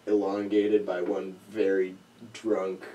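A man hosting a casual chat, talking haltingly and laughing through his sentences. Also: sits low, completely flat delivery, mellow, distant mic. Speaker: podcast host.

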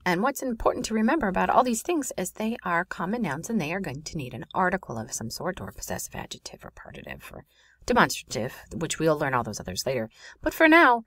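Lively woman teaching French. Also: fairly low pitch, quick pace, dry recording, clean studio sound. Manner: clear explanatory teaching voice, expressive. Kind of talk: recorded classroom lesson.

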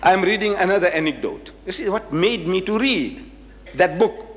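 Older man, storyteller lecturer, fairly high voice, animated delivery, long hall reverb. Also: moderate pace. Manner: storytelling, acting out quoted voices. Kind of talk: religious lecture telling anecdotes.

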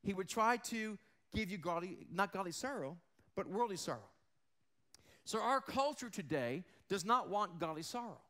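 A pastor with a high voice preaches earnestly and animatedly to his congregation at normal speed, often asking the room questions. When stressing a point, he drops his voice low and quiet.

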